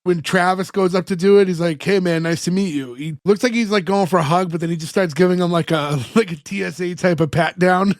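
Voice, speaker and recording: A man's voice: high voice, brisk, hardly any pauses, no echo, clean studio sound. A man hosting a podcast, retelling scenes in casual chat and acting out the characters' lines. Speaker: podcast host recapping an episode.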